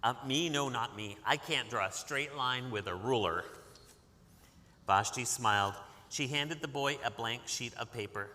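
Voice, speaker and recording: A man's voice: mid-range voice, measured pace, bright, forceful tone. A man from Massachusetts who reads a picture book aloud to children, coaxing them into call-and-response. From Massachusetts, USA. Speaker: author reading to children. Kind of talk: interactive picture-book reading. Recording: long hall reverb.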